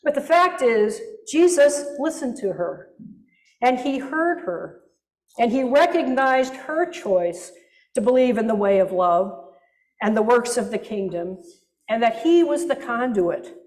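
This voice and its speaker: A woman's voice: on the high side, sing-song, a little slow, a little mellow. A woman pastor preaching a sermon in a reflective manner with wry asides, recorded in a reverberant church hall.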